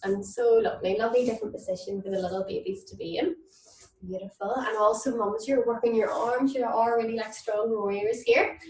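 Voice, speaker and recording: A woman leading a mum and baby yoga class, gentle and encouraging, recorded in a room away from the mic. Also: on the high side, steady tone, a little fast. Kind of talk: online yoga class instruction with nursery songs. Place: indoor room, moving around on camera. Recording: echoey room, mic at a distance.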